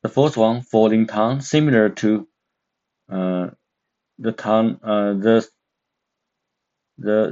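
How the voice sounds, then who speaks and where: Slow, low-voiced man teaching a lesson. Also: dark tone. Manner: slow, careful, with many fillers and pauses. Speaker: Mandarin teacher. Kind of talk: explaining a language lesson. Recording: dull, muffled lo-fi recording.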